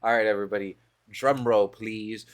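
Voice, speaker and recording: A man's voice: fairly low pitch, steady tone, moderate pace. A man streaming a dating game, reading its text aloud and joking with playful, self-mocking asides.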